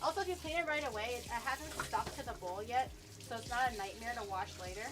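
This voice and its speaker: A woman's voice: a little high, fast. A young woman chatting casually while cooking on her stream, explaining each step and swearing now and then.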